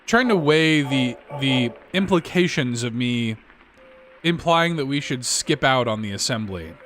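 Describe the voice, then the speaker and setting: A man's voice: medium pitch, lively intonation, unhurried, a bit bright, soft background music. A man hosting a let's-play, chatting and thinking aloud while he reads through a story game. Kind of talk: game playthrough commentary.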